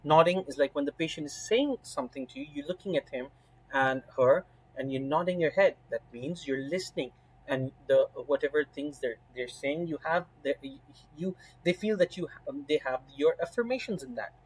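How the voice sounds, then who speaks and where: A man with a slightly higher voice gives a spoken lesson for a medical exam course. His tone is husky and emphatic, and he checks in often with "right?" and "you know". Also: animated, normal speed, poor audio.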